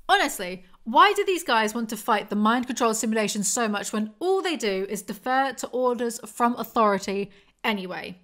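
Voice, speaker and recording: A woman's voice: on the high side, animated, fairly quick, a bit bright. Young woman book reviewer, dry and sarcastic, easily exasperated. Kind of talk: sarcastic book reading and commentary.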